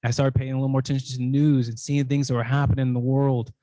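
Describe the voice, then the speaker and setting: Male speaker at a podium, middle pitch, informal storytelling with lots of restarts, dry sound. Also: level tone, rapid-fire, mellow, no echo. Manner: conversational, heavy use of "like", frequent restarts. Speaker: invited speaker. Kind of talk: personal storytelling talk.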